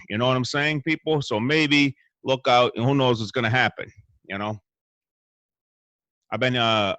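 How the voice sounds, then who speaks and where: A man's voice: fairly low pitch, no room sound, muffled recording. A man guest-hosting a show with a crude, rambling and boastful comic monologue from a hotel room. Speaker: stand-in host.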